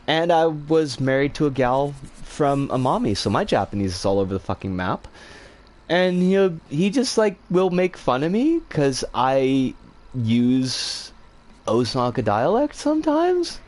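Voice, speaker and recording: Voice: mid-range voice, a little mellow. A middle-aged streamer chatting with viewers on a livestream, ranting in an exasperated, profane way with frequent sighs and laughs. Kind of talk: livestream chat, responding to viewers.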